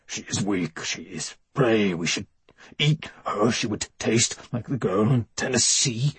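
A man voicing an unstable, creepy male werewolf who growls and then turns soft and sing-song. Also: on the low side, expressive, measured pace, slightly rough, no echo, full character voice. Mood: menacing.

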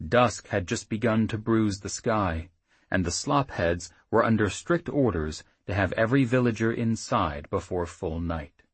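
A man narrating a fantasy audiobook in a measured, even storytelling manner. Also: lowish voice, slightly rough, no echo.

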